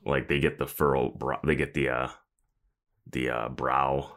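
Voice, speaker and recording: A man's voice: extremely low pitch, level tone, unhurried, a bit bright. A man co-hosting a podcast in casual chat, chiming in with short comments. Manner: short agreements and interjections. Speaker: podcast co-host.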